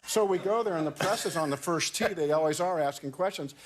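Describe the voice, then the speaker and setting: Slightly high-voiced man, halting storyteller. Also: a little hiss or hum. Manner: halting, restarts and repeats words. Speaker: talk show guest. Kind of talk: telling an anecdote in casual chat.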